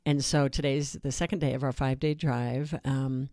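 A man hosting a public radio fund drive in relaxed, conversational talk from a studio. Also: mid-range voice, normal speed, dry recording. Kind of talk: on-air fund drive chat.

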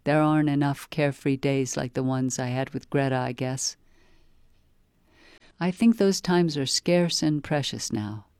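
A reader calmly delivering a wry first-person novel excerpt for a library promotion. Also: mid-range voice, unhurried, clean tone, no echo, studio quality. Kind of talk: scripted first-person audiobook-style reading.

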